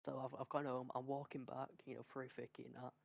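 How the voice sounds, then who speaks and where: A young Englishman, hosting a podcast and telling an energetic, rambling story while swearing freely. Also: mid-range voice, fast talker, creaky. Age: young adult. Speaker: podcast host. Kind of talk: casual storytelling among friends.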